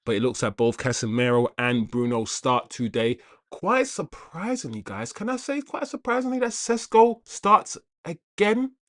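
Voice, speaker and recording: A man runs a live football watch-along stream, speaking at a moderate pace in a medium-pitched, fairly bright voice with big pitch swings. The sound is clean studio quality with no echo, and he chats casually, repeats himself and greets viewers by name.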